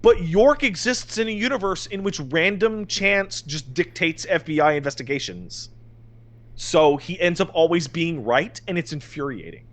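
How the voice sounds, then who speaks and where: A man co-hosting a podcast, telling stories in an excited, exasperated way with restarts and swearing. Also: fairly high pitch, normal speed. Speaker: podcast co-host. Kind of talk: casual chat.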